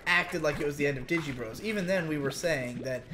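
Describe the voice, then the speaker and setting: A man's voice: fairly high pitch, a little fast, noisy background. A man rambling and restarting his sentences as he co-hosts a casual gaming chat. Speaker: co-host.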